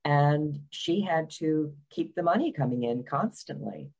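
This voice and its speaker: A woman's voice: sits low, lively intonation, unhurried, a little mellow, low-quality recording. Wry, blunt woman guest. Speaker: biographer guest. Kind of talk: conversational interview.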